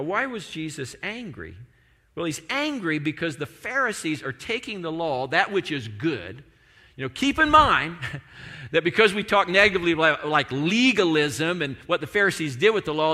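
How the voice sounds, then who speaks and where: Bright-voiced man preaching in a hall. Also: fairly high pitch. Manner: conversational preaching with frequent restarts and "like". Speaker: pastor. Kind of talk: sermon.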